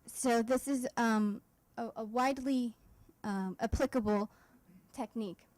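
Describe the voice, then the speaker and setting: A woman presenting her startup at a demo day pitch, explaining her product step by step with frequent fillers and restarts. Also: measured pace, a little mellow, dry recording, rough recording. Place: event stage.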